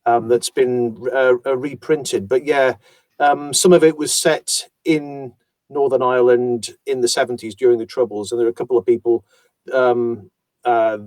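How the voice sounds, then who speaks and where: Medium in pitch and darkish in tone, this man keeps a steady delivery at normal speed in a dry recording. As an audiobook narrator in a conversational interview, he reflects on his work at length with self-deprecating thoughtfulness.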